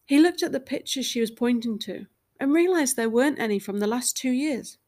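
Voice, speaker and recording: A woman reads a short story aloud as narrator. Her voice sits a little high, and her delivery is measured and even, in a steady storytelling manner.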